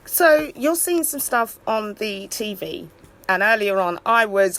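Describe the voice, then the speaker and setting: A woman in a rambling live video chat. She rants and shouts out to friends in an excitable way. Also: mid-range voice, unhurried, no echo. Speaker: vlogger.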